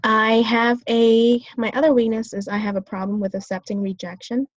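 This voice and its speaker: A woman's voice: fairly high pitch, flat delivery, moderate pace, no echo, muffled recording. Hesitant young woman with lots of fillers. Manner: hesitant, many fillers and restarts. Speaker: student. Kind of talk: self-reflective talk.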